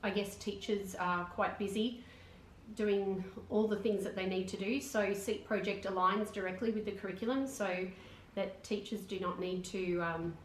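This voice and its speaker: Brief: woman project manager, explanatory and halting, echoey room with faint noise. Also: medium pitch, steady tone. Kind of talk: documentary interview.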